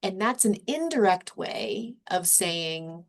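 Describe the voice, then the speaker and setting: A woman's voice: on the low side, big pitch swings, slow pace, gravelly, hardly any pauses, fairly bright tone. A woman leading a cultural training workshop in an upbeat way, acting out short example dialogues as she explains. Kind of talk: workshop presentation.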